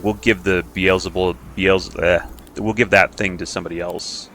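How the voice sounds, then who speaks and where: A man's voice: sits low, flat delivery, moderate pace, fairly bright tone, a little hiss or hum. A man giving casual commentary over his own strategy game, chatty and self-mocking, thinking aloud and making playful silly noises. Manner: playful silly noises and repeated sound effects. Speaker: game streamer.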